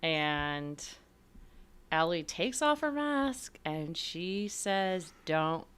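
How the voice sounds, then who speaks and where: A woman's voice: lowish voice, big pitch swings, drawn-out words, fairly bright tone, smooth. A woman co-hosting a podcast, summarizing a TV episode in casual chat, with blunt reactions. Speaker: podcast co-host.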